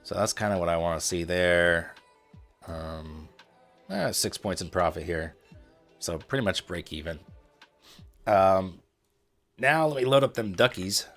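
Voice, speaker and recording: A man's voice: low-pitched, a little slow, pauses often, fairly bright tone, faint music behind. A man from Indianapolis with a neutral Midwestern accent, casually commenting on his trades and joking with his livestream chat. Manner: chatty, joking with chat, playful asides. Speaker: trading livestreamer.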